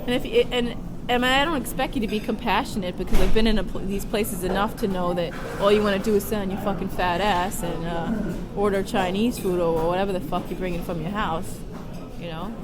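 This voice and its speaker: A woman's voice: mid-range voice, steady tone, fairly quick. A woman and filmmaker speaking candidly to a friend, raw, emotional and profane, with many "you know"s. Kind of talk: candid personal testimony. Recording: loud crowd noise behind.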